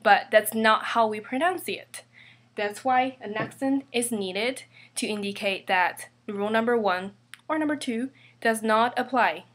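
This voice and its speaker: A woman teaching a grammar lesson, slowly and carefully spelling out each example. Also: fairly high pitch, fairly bright tone. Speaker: Spanish teacher.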